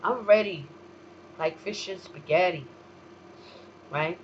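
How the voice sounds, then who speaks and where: Slow-talking woman ranting, swinging to shouts. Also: highs cut off, a little hiss or hum. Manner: profane, heated, jumps from low mutters to shouting. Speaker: talk show host. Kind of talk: solo ranting monologue.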